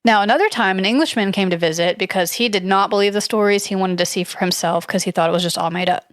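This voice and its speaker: A chatty woman walks a friend through a spooky old tale, hedging and circling back as she reads from her notes. Her voice sits at an ordinary middle pitch and sounds close and dry, with no room around it. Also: fast, dry recording. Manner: chatty, hedging, reads from notes with frequent likes and I don't knows. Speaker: podcast co-host. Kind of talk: casual storytelling chat.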